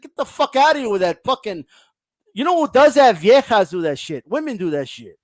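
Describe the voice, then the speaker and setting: Profane high-voiced man ranting on a stream. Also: very animated, brisk, dry recording. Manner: profane, blunt, ranting, reads viewer comments aloud. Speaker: boxing livestream host. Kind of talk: casual livestream rant.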